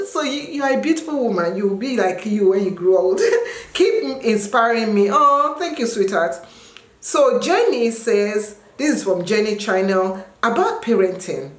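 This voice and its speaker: Animated woman vlogger in an echoey room. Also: moderate pace. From Nigeria. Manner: animated, jumps into high sung and yelled bits. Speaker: vlogger answering viewer questions. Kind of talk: casual chat.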